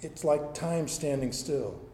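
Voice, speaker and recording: A pastor with a fairly high, dark-toned voice preaches slowly, telling stories and acting out quoted speech while often repeating words. The room sounds echoey.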